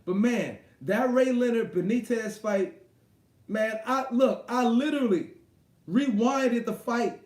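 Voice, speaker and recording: A man hosting a live boxing stream, talking in a crude, excitable, rambling way full of slang. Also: very high-pitched, slow, reverberant. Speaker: boxing show host. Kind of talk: casual live-stream chat.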